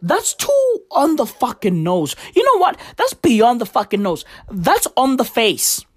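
A woman's voice: on the high side, wildly swooping pitch, a little slow, breathy edge. A young woman delivers a profane, slang-heavy comedic rant to camera, mock-outraged throughout. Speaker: vlogger.

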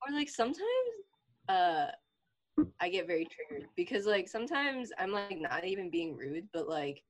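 Young woman, exasperated storyteller, very lively intonation. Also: on the low side, normal speed. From Filipino family. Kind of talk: casual chat.

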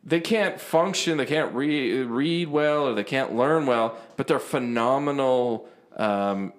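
A man in casual chat who agrees readily and explains things in halting, rambling sentences. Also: medium pitch.

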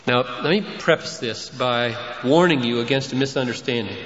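A man preaching a sermon as pastor, with an emphatic delivery that climbs in pitch and force on key points, recorded in a large church sanctuary. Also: normal speed, few pauses, fairly bright tone. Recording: echoey hall, dull lo-fi sound.

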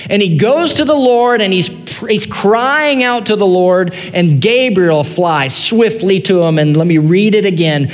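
A male pastor preaching an earnest sermon, rising in emphasis and then dropping to soft, quiet phrases. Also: sits high, a little slow, few pauses, big-room sound.

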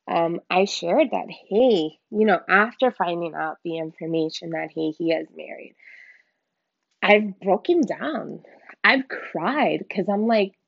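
A woman's voice: medium pitch, animated, measured pace, creaky, dry recording. A woman giving a candid, emotional personal faith testimony in informal, slangy speech. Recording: dull lo-fi dry recording.

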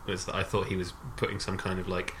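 A man's voice: low-pitched, completely flat delivery, fast, a loud crowd. A man hosting a podcast, recounting a film's plot and then rambling into casual chat with frequent restarts. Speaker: podcast host. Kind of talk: casual film review chat.

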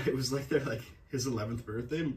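A man's voice: mid-range voice, moderate pace. Rambling, profane man, distant mic. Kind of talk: casual podcast chat. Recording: distant mic, faint background noise.

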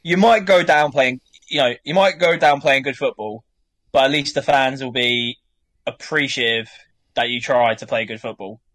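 A man's voice: medium pitch, normal speed, fairly bright tone, dry recording. A young man co-hosting a casual football chat, rambling and swearing freely. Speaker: podcast co-host.

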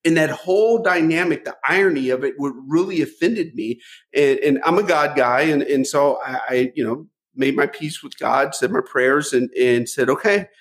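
A middle-aged man telling stories from his life as a podcast guest, animated, often repeating a word as he starts a thought. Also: fairly high pitch, normal speed. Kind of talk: storytelling interview.

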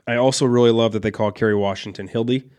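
A man's voice: medium pitch, steady tone, quick pace, a little mellow, clear, resonant tone. A man co-hosting a casual film podcast, laid-back, swearing freely and laughing often. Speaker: podcast co-host.

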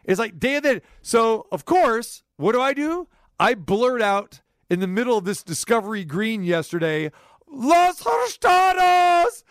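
A middle-aged man hosting a sports radio show, telling a rambling story with animated swings between high and low. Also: normal speed, no room sound, studio quality. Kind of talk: casual sports talk chat.

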